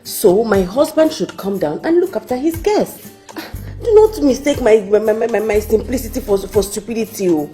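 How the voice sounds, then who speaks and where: A woman's voice: fairly high pitch, animated, mellow, soft background music, lightly acted. A woman playing a defiant Nigerian wife. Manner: measured, defiant. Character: proud defiant wife refusing to serve her rival. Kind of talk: Nollywood film acting.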